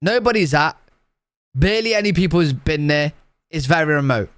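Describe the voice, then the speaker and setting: A man's voice: on the high side, animated, brisk, a bit bright, clear, resonant tone, no room sound. A British man streaming his reactions live, joking and swearing as he talks to chat. His voice sits slightly above the usual male range and is recorded close and dry, with no room around it. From United Kingdom. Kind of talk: casual live reaction commentary.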